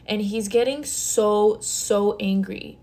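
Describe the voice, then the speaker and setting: Woman, twenties, phone recording, casual storytime, chatty, filler words, middle pitch. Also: steady tone, slow, darkish tone. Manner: chatty, lots of "like" fillers, dramatic retelling. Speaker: storytime creator. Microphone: phone camera.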